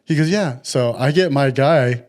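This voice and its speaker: A middle-aged man telling a story in casual podcast chat, animated and acting out the people he quotes. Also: medium pitch, moderate pace.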